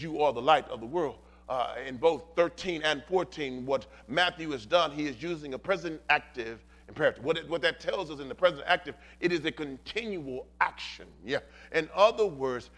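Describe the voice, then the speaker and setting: A man's voice: on the high side, a bit bright. A pastor preaching a sermon in a church, building rhythmic repeated refrains and calling out to his congregation. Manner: impassioned preaching with rhythmic repetition and calls to the congregation.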